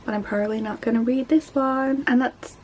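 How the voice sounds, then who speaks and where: A woman chatting casually as a book vlogger, rambling quickly and poking fun at herself. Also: fairly high pitch, steady tone, darkish tone, slight background noise. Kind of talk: casual chat.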